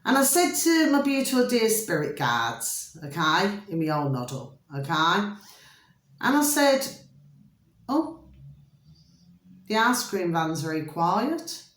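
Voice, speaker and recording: A woman's voice: mid-range voice, very animated, slow pace, pauses often. A woman, host of her own channel, chatting to her viewers in a rambling, fond way, full of endearments and repeats. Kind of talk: rambling casual monologue to viewers. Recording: roomy echo.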